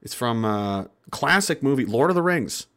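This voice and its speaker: A man's voice: mid-range voice, lively intonation, normal speed, fairly bright tone. A man speaking to his viewers in an impassioned, profane, rambling monologue. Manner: profane, rambling, fervent, with restarts. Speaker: online commentator.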